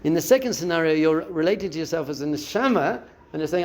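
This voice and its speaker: This rabbi's fairly high voice moves fast with hardly any pauses, over slight background noise. Teaching a class, he delivers a spiritual lesson in which he expressively acts out the voices in a listener's head and quotes.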